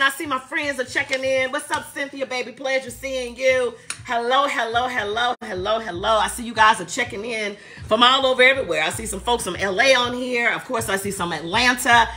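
A woman hosts a live podcast, loud and playful, saying she is tired as she greets viewers by where they are watching from. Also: a little high, normal speed. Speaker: podcast host. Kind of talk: casual live-stream chat.

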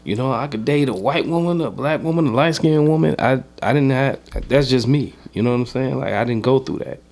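A man speaking in casual podcast chat, relaxed and rambling, with repeated filler phrases. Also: mid-range voice, a little fast, vocal fry.

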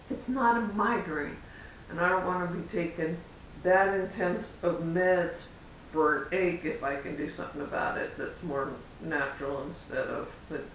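Man, rambling casual vlog chat, bright edgy tone, far from the mic. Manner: chatty, rambling, acts out quoted exchanges. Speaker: parent vlogger. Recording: roomy echo, far from mic, faint rumble.

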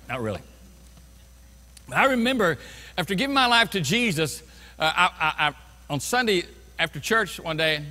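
A pastor in his fifties preaching a sermon, swinging from quiet storytelling to loud crying out. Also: on the high side. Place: large church sanctuary. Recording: long hall reverb in a church.

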